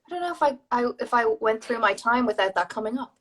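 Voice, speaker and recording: Animated Irish woman telling stories. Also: a little high, fast. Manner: animated storytelling, acts out quoted people. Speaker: actor, guest. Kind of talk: casual interview chat.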